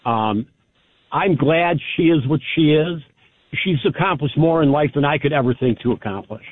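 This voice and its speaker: A man's voice: on the high side, moderate pace, dry recording. A middle-aged man calling in to a radio show, speaking in a heartfelt, grateful way. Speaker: caller. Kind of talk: call-in talk radio. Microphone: telephone. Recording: tinny phone line.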